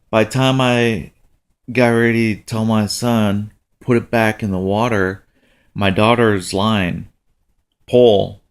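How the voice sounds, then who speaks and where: A middle-aged man telling a casual story about taking his kids fishing, with a relaxed delivery that jumps up in pitch for quoted lines. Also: smooth. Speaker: father telling a family story.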